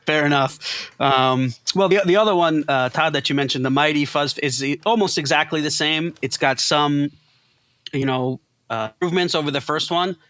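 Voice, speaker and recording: A man's voice: fairly high pitch, normal speed, a bit bright. A man on a podcast, casually explaining technical details of a product. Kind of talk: casual chat.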